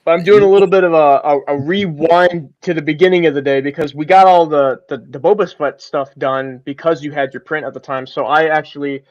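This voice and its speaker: Man, slightly high voice, quick stumbling chat, dry dull recording. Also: fairly even intonation, darkish tone. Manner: quick, stumbling retelling with restarts. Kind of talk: casual chat.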